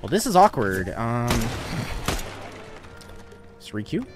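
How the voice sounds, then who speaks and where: A man's voice: medium pitch, sing-song, takes it slowly, music in the background. A young man casually chatting on a live game stream, laughing often and reading out viewer donations. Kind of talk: casual live-stream chat while gaming.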